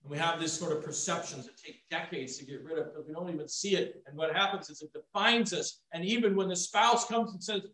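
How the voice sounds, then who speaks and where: High-voiced preacher in an echoey hall. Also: male voice, brisk, hardly any pauses. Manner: dramatic swings from hushed to loud. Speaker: pastor. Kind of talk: sermon. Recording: echoey room, mic from far off.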